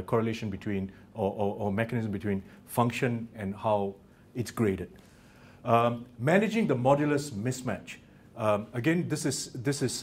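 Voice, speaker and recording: A man with a New Zealand accent giving a university lecture, halting with many restarts and fillers and dropping in joking asides. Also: lowish voice, darkish tone, slight background noise. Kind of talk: academic lecture. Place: lecture theatre.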